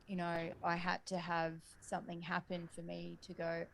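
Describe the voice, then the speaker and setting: Australian woman podcast co-host, lower voice, chatty rambling questions, faint background hiss. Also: completely flat delivery, normal speed, gravelly, rough recording. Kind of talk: casual interview chat.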